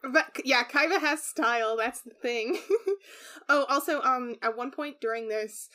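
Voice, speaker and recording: A woman co-hosting a podcast, chatting casually with quick asides about a cartoon. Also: fairly high pitch, sharp tone. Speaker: podcast co-host. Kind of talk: casual chat.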